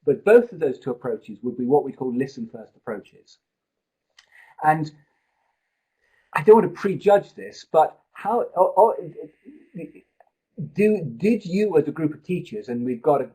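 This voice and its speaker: A man's voice: fairly high pitch, expressive, normal speed, mellow, slightly rough, poor audio. A man tutoring a live online pronunciation seminar, explaining at length and thinking aloud with restarts, speaking into a computer mic.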